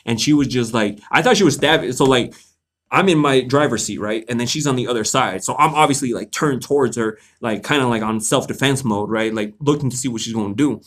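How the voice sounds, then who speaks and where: A man's voice: medium pitch, fairly quick. Laughing, cussing storyteller guy. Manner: animated, laughs often, swears freely. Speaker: host of a live Q&A stream. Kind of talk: casual storytelling to viewers.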